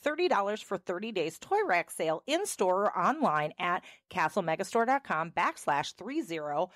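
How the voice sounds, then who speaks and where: A woman's voice: on the low side, big pitch swings, moderate pace, a bit bright, dry recording, clean studio sound. Playful American woman podcast host. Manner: playful, giggly, jokey. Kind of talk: casual podcast chat and ad reads.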